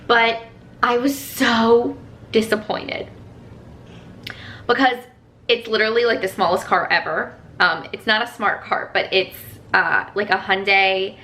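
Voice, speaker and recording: A woman's voice: medium pitch, steady tone, measured pace, sharp tone, slight background noise. A woman telling a personal story to her viewers in a casual, rambling vlog, full of "like" fillers. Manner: chatty, rambling, lots of "like" fillers. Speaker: vlogger.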